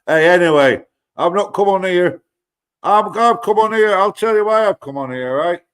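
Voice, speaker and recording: A man's voice: sits high, expressive, normal speed, smooth. A man with an English accent chatting casually as a livestream guest, rambling and swearing, often laughing. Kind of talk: casual chat.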